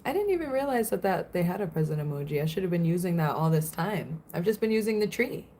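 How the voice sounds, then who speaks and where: A woman's voice: fairly low pitch, expressive, fast talker, dark tone, a little hiss or hum. A young woman from Florida chatting casually on a livestream, giggling often and answering viewers' comments.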